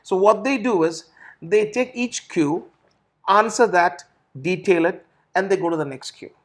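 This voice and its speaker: A man's voice: high-pitched, a little slow. A middle-aged man, an IELTS trainer answering questions. He explains things step by step and often repeats words and restarts his phrases. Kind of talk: teaching in a recorded Q&A session.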